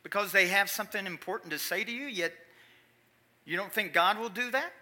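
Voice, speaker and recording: Bright-voiced man preaching a lively sermon. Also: high-pitched, fairly quick. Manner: animated, swings from quiet asides to loud emphatic calls. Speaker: pastor. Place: church.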